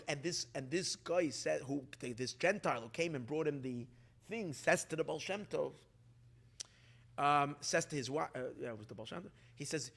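A rabbi tells an old Hasidic tale to a gathered community. His voice sits a little high for a man, and he keeps stopping, repeating words and restarting his sentences, with Yiddish words mixed in. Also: gravelly, a bit bright. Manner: halting storyteller, many restarts and fillers, Yiddish words. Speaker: rabbi telling a Hasidic story. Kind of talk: storytelling talk. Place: community gathering, evening meal.

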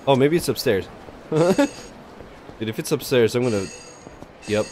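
A young man commentating his own gameplay in a casual, profane stream style. His voice sits in an ordinary middle pitch, easily pulled off track by chat. A faint background hum runs under the desk mic. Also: animated, measured pace. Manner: loose, profane, easily distracted, laughing at chat. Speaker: gaming streamer. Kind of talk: casual let's-play commentary.

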